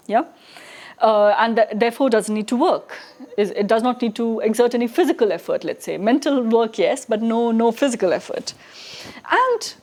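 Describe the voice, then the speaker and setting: A woman lecturing on philosophy in a loose, conversational way, often checking in with tag questions. Her voice sits a little high for a woman. She restarts phrases as she thinks aloud. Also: darkish tone. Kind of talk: recorded lecture.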